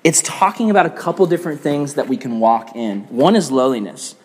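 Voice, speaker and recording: A young man giving a casual sermon to a youth group, telling stories in an animated way with many filler "like"s. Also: fairly high pitch, brisk. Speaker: youth pastor. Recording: reverberant hall.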